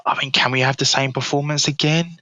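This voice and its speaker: A man's voice: medium pitch, steady tone, fairly quick, pushed and bright, no echo, highs cut off. A man, co-hosting a football podcast and bantering in an exasperated way, swearing often. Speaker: podcast co-host, Spurs fan. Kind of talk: casual football chat.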